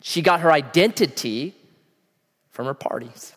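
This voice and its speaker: A man preaching a sermon in a casual, animated way, using slang and asking the listeners questions. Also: a little high, unhurried. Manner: animated, acts out voices of people in the story. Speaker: pastor. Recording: long hall reverb.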